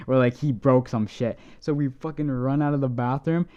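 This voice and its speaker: A man's voice: mid-range voice, fairly even intonation, fairly quick, few pauses, mellow. A young man, a podcast co-host, telling a long story in casual chat, full of "like" and the odd swear. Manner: rambling, many "like"s, swears casually.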